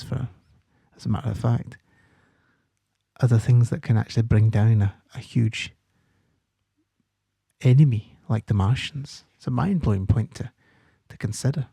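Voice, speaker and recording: A male teacher talks through a set text in an explanatory way, stopping to spell out key terms letter by letter. His voice is very dark and gravelly with a husky edge. The recording is dry and close, with no room sound. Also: mid-range voice, dry recording. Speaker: literature teacher. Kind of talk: study-guide podcast explanation.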